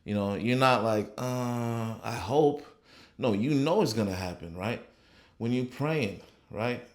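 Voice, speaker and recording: A man's voice: on the low side, animated. A man giving a casual motivational talk on faith, punctuating nearly every phrase with "right?", reflective and then fervent. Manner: unhurried and reflective, growing fervent when preaching. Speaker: motivational speaker. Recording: echoey room.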